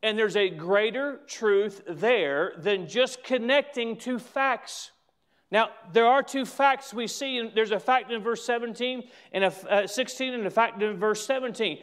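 Slow, deliberate high-voiced preacher. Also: male voice, a bit bright. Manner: slow, deliberate preaching with stretched emphasis on key words. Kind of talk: sermon.

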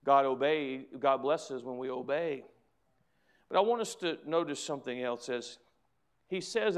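A pastor preaches to his congregation, reading scripture in a measured way and then pressing his points with mounting fervor. His voice sits at an ordinary pitch for a man, with repeated phrases driving each appeal. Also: clean tone. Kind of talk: sermon.

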